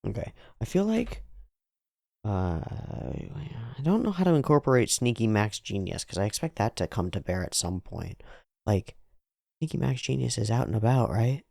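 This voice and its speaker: A man muses aloud as he sketches, rambling and trailing off in an unhurried drawl. His voice is gravelly and mellow, and his pitch swings around a lot. The sound is dry and close. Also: very animated, no room sound. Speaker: channel host. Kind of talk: casual think-aloud commentary while sketching.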